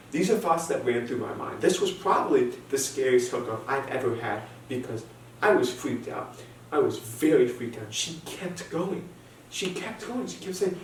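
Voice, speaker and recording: A man's voice: mid-range voice, animated, normal speed. Young man, stand-up comedy storytelling, nervous restarts, echoey room, mic far away. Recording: echoey room, distant mic, faint noise.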